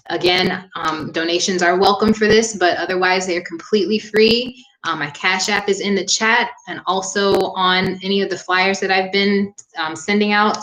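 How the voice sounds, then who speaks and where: A young woman yoga instructor wrapping up a live-streamed class, talking in a warm, earnest and chatty way with frequent "um" fillers. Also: mid-range voice, slight background noise. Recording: echoey room.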